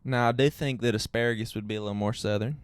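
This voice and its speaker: A man's voice: medium pitch, fairly even intonation, quick pace, smooth, no room sound. A young man hosting a podcast in casual chat, playful and joking around with silly voices. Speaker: podcast host.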